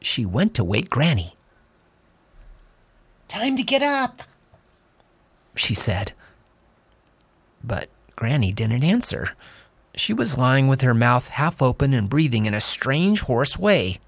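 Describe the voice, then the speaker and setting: A man slowly and expressively reading a children's novel aloud. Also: medium pitch, very animated, gravelly, husky, no room sound. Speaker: storyteller.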